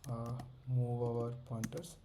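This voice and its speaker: Man explaining code in a flat monotone. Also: mid-range voice, slow pace, noisy background. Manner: explanatory, with frequent fillers and restarts in non-native English phrasing. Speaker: coding tutorial host. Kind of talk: screen-recorded coding walkthrough.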